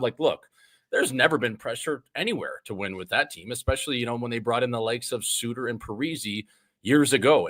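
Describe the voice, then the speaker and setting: A man's voice: medium pitch, a bit bright, no room sound. Joking man hosting. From Wisconsin. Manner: loose, joking banter. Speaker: podcast host. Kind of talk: casual chat.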